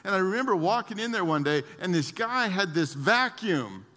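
A man's voice: sits high, big pitch swings, moderate pace, sharp tone. A man preaching a sermon as pastor, in a conversational way with restarts and acted-out quotes. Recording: long reverb of a large hall.

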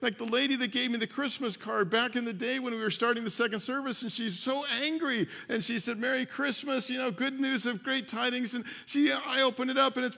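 A man preaching a sermon as pastor, animated and repeating his phrases, with frequent laughs. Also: extremely high pitch, a little fast, creaky, hardly any pauses. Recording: long hall reverb.

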